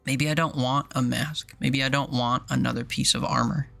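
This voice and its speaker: A man chatting casually on a game stream, rambling, joking and tossing in silly beeps and boops. His voice is tense and bright with a gravelly edge. Faint music plays in the background. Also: medium pitch, fairly even intonation, normal speed. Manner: rambling, jokey, makes mouth sound effects. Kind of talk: casual live-stream chat.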